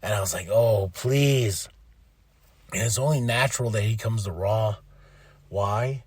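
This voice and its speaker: Excitable, low-voiced man podcasting solo. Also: normal speed, breathy edge, dry recording. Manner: excitable, animated, swears, laughs, mimics people. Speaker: podcast host. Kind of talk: casual solo recap.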